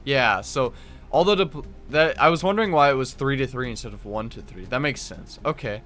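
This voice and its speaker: A man's voice: mid-range voice, a little fast, a bit bright, soft background music. A man live-streaming a card game, reading card text aloud and thinking through his moves, often stopping to correct himself. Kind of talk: live gameplay commentary.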